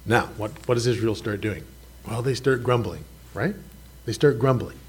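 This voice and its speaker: A man's voice: fairly low pitch, normal speed, husky. A man preaching a conversational sermon, asking his listeners questions and speaking frankly about his own faults. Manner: conversational, self-deprecating, asks the congregation questions. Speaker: pastor.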